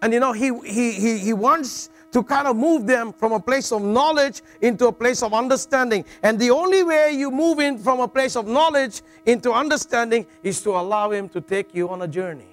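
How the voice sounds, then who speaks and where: A man's voice: very high voice, moderate pace, few pauses, fairly bright tone. A middle-aged man preaching a sermon in a jokey, conversational way, often checking in with "all right" and restarting phrases.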